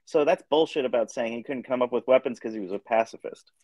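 Male participant, mid-pitched, hesitant and filler-heavy, dry close sound. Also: fast, warm tone, no room sound. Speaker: meeting participant. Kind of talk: casual group discussion.

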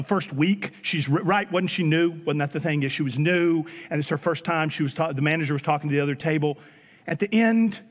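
A man, preaching an animated sermon and acting out little dialogues with repeated phrases. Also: fairly high pitch. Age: 40s. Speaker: pastor. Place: church sanctuary. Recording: church hall with long reverb.

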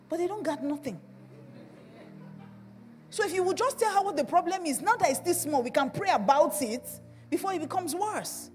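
Animated Nigerian woman pastor preaching. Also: high voice, moderate pace, long reverb tail, soft background music. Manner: animated storytelling with laughter. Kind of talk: sermon. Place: church.

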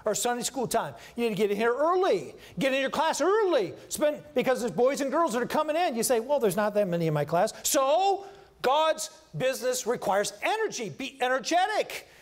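A middle-aged man preaching a sermon in a church, emphatic and animated, repeating his key phrases. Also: extremely high pitch, normal speed. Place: church sanctuary.

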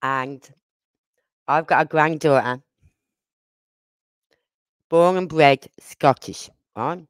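An outspoken older woman with a Brummie accent rambles through a casual livestream chat. Her voice comes through smooth and clear, with a dry, close sound and no room around it. She speaks her mind plainly and wanders from point to point. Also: low-pitched, drawn-out words, long pauses, no echo. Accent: Birmingham (Brummie). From Birmingham, England. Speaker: livestream host.

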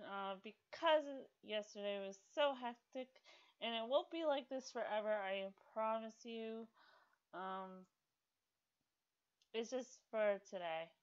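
A woman's voice: a little high, smooth, muffled recording. A woman casually commenting on her own gameplay, rambling with lots of fillers and scolding the game characters aloud. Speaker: gaming video host.

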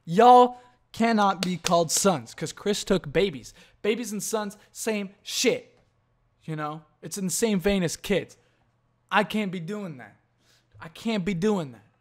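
A young man talks alone into his podcast mic with a somewhat high voice. He swears constantly and rambles, losing his train of thought and starting over. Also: unhurried. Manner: profane, rambling, self-interrupting. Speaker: podcast host. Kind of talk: solo podcast rant.

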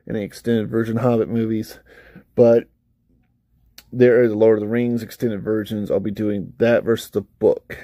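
This warm, lowish male voice, recorded without echo, rambles profanely in an unscripted chat to camera. He laughs often and acts out little asides. He's a vlogger covering books and films, and he has a young child.

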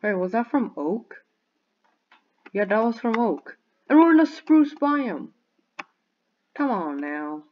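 A young woman giving bubbly, excitable commentary on a video game and cheering at her finds. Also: fairly high pitch, slow pace, pauses often, dull audio, a little hiss or hum. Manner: bubbly, excitable, squeals and shouts in surprise. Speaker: gaming YouTuber.

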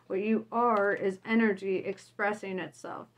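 A woman's voice: mid-range voice, unhurried. A woman vlogger reading her own written reflection in a casual, unpolished way. She is blunt and forthright, laughs often, and keeps checking in with the listener.

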